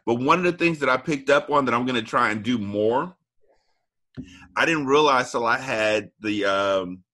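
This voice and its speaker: A man's voice: medium pitch, normal speed, pushed and bright. A man co-hosting a podcast, chatting casually and recommending things with enthusiasm. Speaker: podcast co-host. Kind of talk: casual chat.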